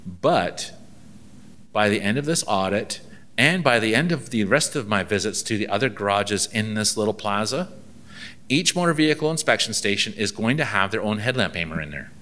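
A man with a low-leaning, bright and forceful voice gives a seminar, drifting into anecdotes. He acts out little exchanges with a dry, wry sense of humor. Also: animated, moderate pace. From Canada. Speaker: ministry inspector giving a seminar.

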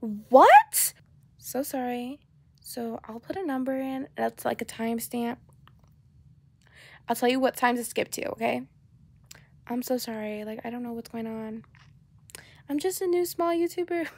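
A woman's voice: a little high, normal speed, vocal fry, pauses often, a little mellow. A young woman ranting at the camera about a tech mishap in a dramatic, exasperated way, swearing freely. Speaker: vlogger. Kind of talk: exasperated talking-head rant.

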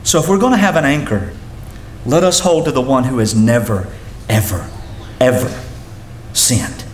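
In an echoey room with slight noise, a man preaches a sermon as pastor at a moderate pace. His expressive delivery leaps up and down in pitch without warning.

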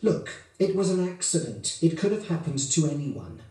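A man's voice: on the high side, big pitch swings, moderate pace, dark tone, recorded from a distance. A man playing a defensive man making excuses. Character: apologetic man excusing an accident. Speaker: actor in a textbook dialogue. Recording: course audio played into an echoey room.

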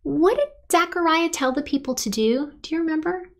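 A woman leading a children's worship service, telling a Bible story with lively sound effects and cheers for the kids to join. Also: high-pitched, brisk. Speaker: children's ministry leader.

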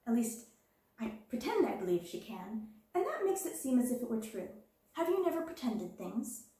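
A woman voicing a confident, imaginative schoolgirl who speaks in a lively, confiding way in a storybook reading. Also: fairly high pitch, moderate pace, very echoey, distant mic. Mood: playful.

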